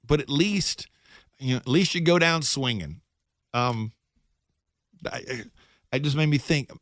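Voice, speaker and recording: Middle-aged radio host telling a story. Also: male voice, medium pitch, a little slow, no echo, studio quality. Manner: storytelling, animated and self-joking. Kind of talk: casual monologue.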